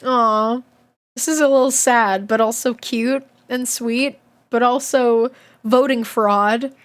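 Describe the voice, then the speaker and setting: A woman's voice: fairly high pitch, steady tone, slow pace. A woman streaming a read-aloud of a children's book, breaking off for chatty, laughing asides. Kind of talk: livestream read-along with chat asides.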